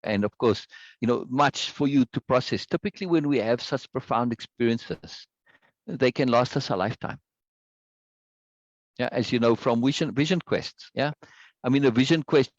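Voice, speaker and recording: A man leading a group discussion over a video call, talking with eager enthusiasm and repeating words as he goes. His voice sits at a middle pitch. The sound is dry and dull, like lo-fi call audio. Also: lively intonation, moderate pace, dry recording.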